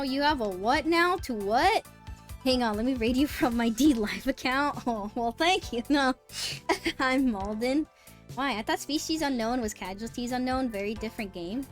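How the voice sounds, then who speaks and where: Bubbly high-voiced woman streamer. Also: normal speed, faint music behind. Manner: bubbly, squeals with excitement, then mutters softly. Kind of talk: casual live-stream chat, reading chat aloud.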